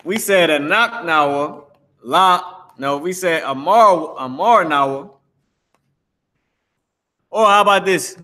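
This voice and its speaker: A man teaches a live online language class on Facebook and YouTube, speaking slowly and pausing often in a slightly high, sharp-toned voice. He's casual and repetitive, grumbling when the stream cuts out.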